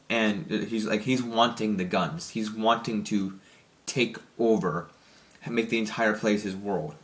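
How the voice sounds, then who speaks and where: A young man reviews a film in a loose, excited ramble, tripping over his words and restarting sentences. His voice sits a little low. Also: unhurried. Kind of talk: casual spoken movie review.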